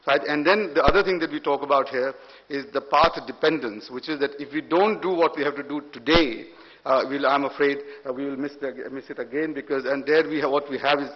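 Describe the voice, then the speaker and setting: A man with an Indian accent, an economist, gives panel remarks in a halting way, often repeating words. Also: medium pitch, steady tone. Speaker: economist, report author. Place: large hotel hall. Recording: dull recording in a reverberant hall.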